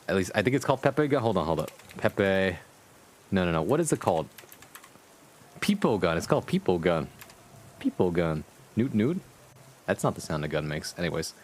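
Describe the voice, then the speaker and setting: A man's voice: low voice, big pitch swings, normal speed, long pauses, slight background noise. A man streaming live, reading fanfiction aloud and breaking off to chat to his viewers, amused and often profane.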